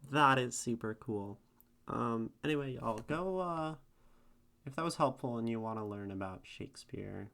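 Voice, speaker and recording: A man's voice: mid-range voice, lively intonation, moderate pace, vocal fry, a bit bright. An American man streaming casually, thinking aloud in a hesitant way with many fillers. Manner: musing, hesitant, lots of fillers.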